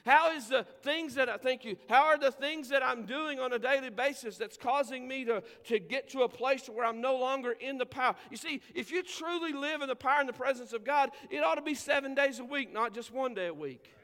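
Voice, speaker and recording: A man preaching a sermon as pastor, with emphatic delivery, drawn-out scripture quotes and conversational asides to the congregation. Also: very high-pitched, a bit bright, in a large hall. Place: church sanctuary.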